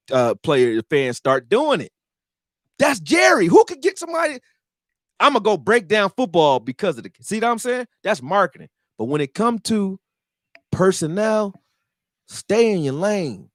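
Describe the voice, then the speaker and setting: A fan commentator with a voice that sits high rants about football in a casual, profane, animated style, acting out quotes for his videos. The recording is studio quality, with no room sound.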